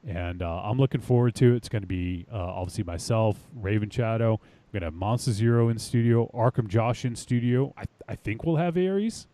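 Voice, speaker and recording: A man's voice: lowish voice, fairly quick, dark tone. A man hosting a podcast, chatting casually in an upbeat, rambling way. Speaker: podcast host. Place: home studio.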